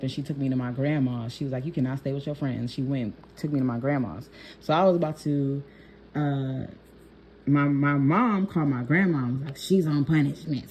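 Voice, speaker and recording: Young woman, low voice, warm tone, casual chatty storytelling, faint background hum. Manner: chatty, laughs often, addresses viewers as y'all. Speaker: nail technician.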